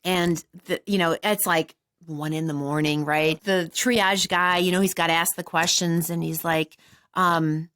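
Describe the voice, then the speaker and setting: A middle-aged woman hosting a podcast, telling a self-mocking story in a casual, animated way and acting out what people said. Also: on the low side, unhurried. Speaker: podcast host.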